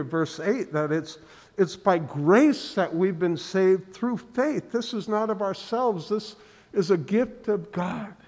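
A man preaching a sermon in earnest, halting speech, often restarting and repeating words. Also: fairly high pitch, darkish tone, in a large hall. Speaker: pastor. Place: church sanctuary.

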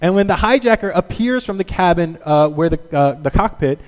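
Animated male pastor in a reverberant hall. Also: high-pitched, a little fast. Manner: animated storyteller acting out quotes. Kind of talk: sermon.

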